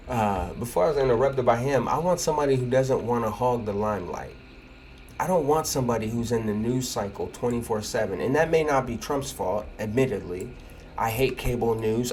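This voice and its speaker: Male gamer host, rambling and opinionated, animated delivery over soft background ambience. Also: mid-range voice, slight background noise. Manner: rambling, opinionated, laughs at the game. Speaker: gaming video host. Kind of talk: casual gameplay commentary.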